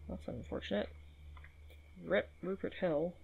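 Woman, gravelly voice, slightly husky, chatty let's-play commentary, swears, reads notes aloud. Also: lowish voice, unhurried, a little mellow, lo-fi sound. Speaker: gaming video host.

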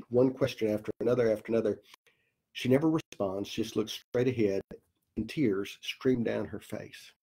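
Male pastor, sermon storytelling, slow deliberate pauses, husky, mellow dark tone. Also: fairly low pitch. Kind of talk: sermon storytelling in a recorded Bible study.

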